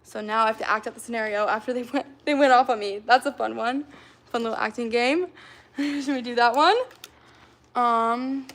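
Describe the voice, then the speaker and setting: A woman's voice: a little high, fairly even intonation, moderate pace, a bit bright. A young woman livestreamer chatting casually with her viewers, rambling and full of fillers as she sets up acting games. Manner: rambling, filler-heavy, talks to chat.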